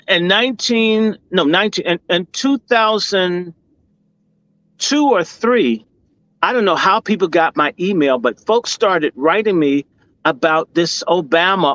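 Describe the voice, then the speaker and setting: A middle-aged man from Washington, D.C., a guest telling a story in an impassioned, profane way, with sudden loud outbursts. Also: high voice, no echo. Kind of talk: storytelling in a discussion. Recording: dull, slightly lo-fi dry sound.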